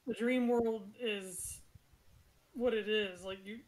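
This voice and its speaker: A woman running a tabletop game, narrating scenes in a plain, descriptive way with casual out-of-character asides. Her voice sits at a middling pitch. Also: fairly even intonation, takes it slowly, darkish tone, low-quality recording. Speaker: game master.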